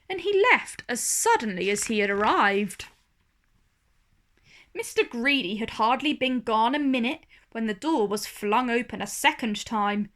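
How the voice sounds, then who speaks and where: Slow, expressive woman reading a story. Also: fairly high pitch. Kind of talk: children's story read-aloud.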